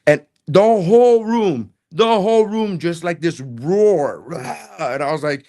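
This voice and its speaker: A man on a podcast telling a story from his comedy gig in a casual, animated way, acting out the dialogue. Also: high-pitched, unhurried, few pauses. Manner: animated, acts out dialogue in quotes.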